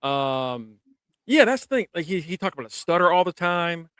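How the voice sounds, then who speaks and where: A man casually recapping a TV episode, animated, swearing and laughing as he retells scenes. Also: on the high side, moderate pace, smooth, no echo. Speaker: podcast co-host. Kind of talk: casual review chat.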